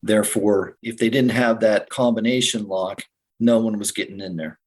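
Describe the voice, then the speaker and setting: Low husky man telling a story. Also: fairly even intonation, a little mellow, low-quality recording. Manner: vivid present-tense retelling, sometimes rushed, sometimes slow and heavy. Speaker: survivor recounting a shooting. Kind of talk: first-person podcast storytelling.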